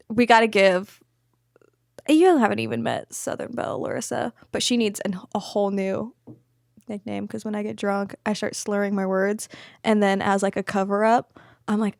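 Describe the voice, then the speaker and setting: A woman's voice: mid-range voice, fairly even intonation, moderate pace, vocal fry, long pauses, darkish tone, dry recording, clean studio sound. A young woman from California in casual podcast chat, brash, profane and self-mocking. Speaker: podcast guest.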